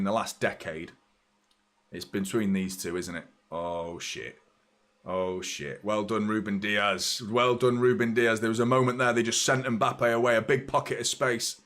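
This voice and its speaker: Give me an excitable man commentating live on a football match for his fans, casual and profane. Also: lowish voice. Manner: excitable, swears freely, fan banter. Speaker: football watchalong host.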